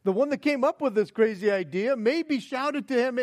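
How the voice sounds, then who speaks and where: A male preacher with a high voice for a man works through a sermon like a story. He throws out incredulous rhetorical questions and chuckles, then settles into quiet, reflective passages. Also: lively intonation, moderate pace, hardly any pauses.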